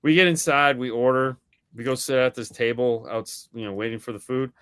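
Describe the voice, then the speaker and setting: A man co-hosting a podcast in casual chat, telling a story in a lively way and acting out the voices of the people in it, swearing now and then. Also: mid-range voice, fairly quick, smooth, dry recording, clean studio sound. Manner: animated storyteller acting out quoted dialogue. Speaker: podcast co-host.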